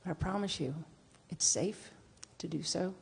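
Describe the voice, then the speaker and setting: A middle-aged woman minister, giving a conversational sermon with animated storytelling that moves between hushed reflection and playful bursts. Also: lowish voice, moderate pace, vocal fry, breathy edge.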